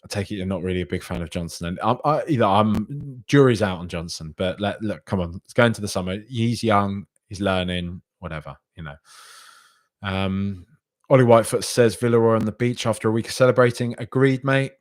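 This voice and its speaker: Reading out listener comments on his laid-back fan podcast, this low-voiced man speaks a little fast with no room sound. His replies ramble and repeat like casual live-stream chat as he banters with his fans.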